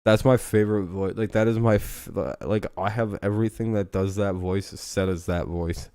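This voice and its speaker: A man's voice: on the low side, steady tone, moderate pace, mellow, clean tone, dry recording. A man hosting a casual live football news stream, joking and rambling with plenty of swearing.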